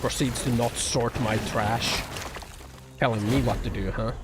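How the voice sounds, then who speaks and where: A man's voice: medium pitch, fairly even intonation, a little slow. Profane, sarcastic male streamer over music. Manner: profane, sarcastic, rambling with many fillers. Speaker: livestreamer. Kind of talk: casual livestream chat reacting to viewer comments. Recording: music bed under the voice. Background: music playing.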